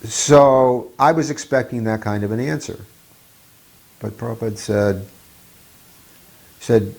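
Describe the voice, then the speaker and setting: Gravelly older man reminiscing slowly. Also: mid-range voice, a little mellow. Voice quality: gravelly, husky. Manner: reflective, halting, restarts phrases. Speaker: devotee sharing memories. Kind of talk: reminiscing talk.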